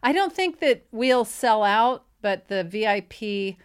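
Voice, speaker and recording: Woman, podcast co-host, dry deadpan delivery, unhurried, resonant clean tone. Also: a little high, smooth. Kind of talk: casual chat.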